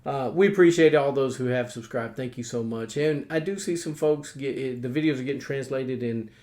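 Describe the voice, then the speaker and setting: A man's voice: mid-range voice, brisk, darkish tone. Folksy country-accented man hosting. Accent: American Southern rural. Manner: folksy, rambling with many uh fillers. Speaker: host. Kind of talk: casual chat.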